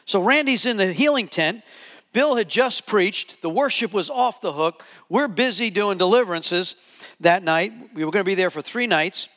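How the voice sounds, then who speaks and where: A man preaching a sermon to a live audience, telling a story with lively acted-out quotes. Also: high voice, moderate pace. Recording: long hall reverb.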